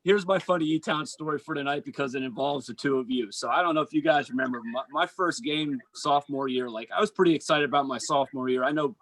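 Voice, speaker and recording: A man, a basketball coach and former college player, telling stories in an animated, casual chat. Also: medium pitch, poor audio. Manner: animated storyteller, quick asides and restarts.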